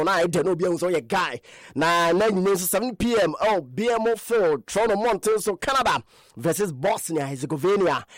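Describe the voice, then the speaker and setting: Man, sports radio host, high voice, excitable, rambling, sing-song, dry sound. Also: dry recording. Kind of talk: casual sports talk mixing languages.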